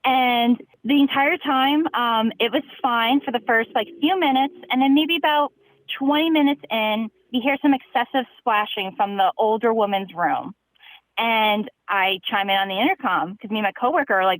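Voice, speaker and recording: A young woman calling in to a podcast, telling a long story in an animated, chatty way with plenty of fillers. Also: a little high, normal speed, no room sound, poor audio. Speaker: caller. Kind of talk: casual storytelling.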